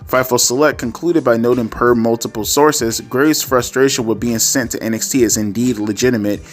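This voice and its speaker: A man talking casually in a mid-range voice, rambling through his opinions with constant restarts, self-corrections and the odd swear word. Soft instrumental music plays faintly underneath. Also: mid-range voice, fairly even intonation, normal speed. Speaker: wrestling commentary YouTuber.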